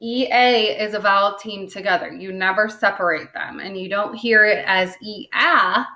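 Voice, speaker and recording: A second grade teacher with a medium-pitched, steady, sharp-toned voice works through a phonics lesson for young children. Patiently and slowly, she sounds words out and taps syllables, following each point with "okay?" The recording echoes like a room.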